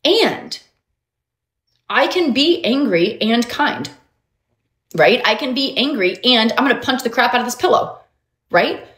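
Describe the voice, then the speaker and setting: A woman hosting a motivational livestream as a mindset coach, animated and emphatic, talking straight to her viewers. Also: fairly high pitch, moderate pace. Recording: roomy echo.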